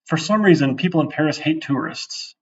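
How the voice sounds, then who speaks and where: A man's voice: fairly high pitch, a little fast, slightly rough. A man teaching a programming class, talking casually as he codes and often checking in with "right?". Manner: conversational, thinks aloud, often asks "right?". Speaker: programming instructor. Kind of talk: casual live-coding lecture. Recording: distant, dull classroom recording.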